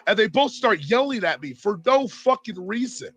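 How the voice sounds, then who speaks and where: A man's voice: high voice, very animated, moderate pace, a bit bright, dull audio. Slangy young man ranting through a story. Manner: profane, heated storytelling; slangy, rambling with many "like"s. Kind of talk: casual anecdote telling.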